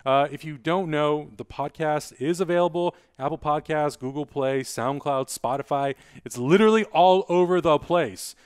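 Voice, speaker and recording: A man hosting a casual podcast chat, talking quickly and energetically as he plugs the show. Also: a little high, clear, resonant tone, no echo, studio quality. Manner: fast, energetic plugging. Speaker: podcast host.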